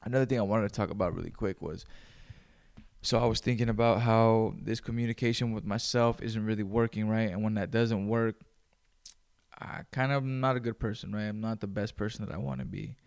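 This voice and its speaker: A man's voice: lowish voice, fairly even intonation, fairly quick, creaky, darkish tone. A man hosting a solo podcast, talking in a loose, rambling way full of swearing. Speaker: podcast host. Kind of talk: casual solo podcast monologue.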